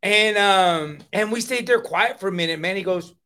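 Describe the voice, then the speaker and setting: A man's voice: high-pitched, normal speed, sharp tone, smooth. A middle-aged man telling a personal recovery story in a casual, confiding way. He often repeats words and keeps saying "man.". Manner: earnest, confiding.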